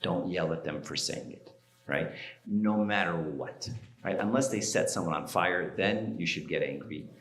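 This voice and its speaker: A man's voice: deep voice, normal speed, a bit bright, roomy sound. A middle-aged man, an archdeacon giving a parenting seminar, talking conversationally and telling stories, often checking in with "right?". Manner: conversational, storytelling, keeps asking "right?". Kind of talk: seminar talk. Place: church hall.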